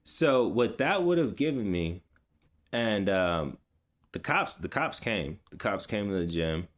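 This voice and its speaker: Low-voiced man rambling through a story. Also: big pitch swings, unhurried. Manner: rambling, with many fillers and restarts; laid-back street slang. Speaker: vlogger. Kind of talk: casual personal storytelling.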